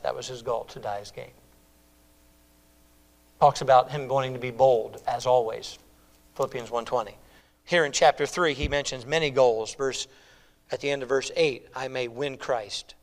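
A man preaching a sermon emphatically, repeating words and phrases, swinging between loud exclamations and hushed, near-whispered lines. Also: medium pitch.

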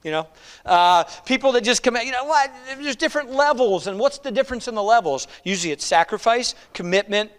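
High-voiced man preaching a sermon. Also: brisk, clean tone. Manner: conversational and animated, acting out quoted voices. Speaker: pastor.

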